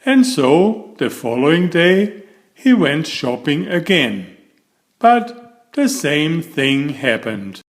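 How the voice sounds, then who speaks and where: A man reading a children's picture book aloud, addressing the young listener playfully and drawing out his words. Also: a little high. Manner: animated, drawn-out, playful to children. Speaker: storybook reader.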